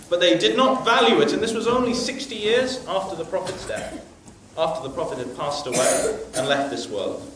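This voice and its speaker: Male preacher, emphatic storyteller, high voice, off-mic in a very echoey hall. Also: recorded from a distance, slight background noise. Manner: emphatic storytelling with religious phrases. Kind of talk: storytelling sermon.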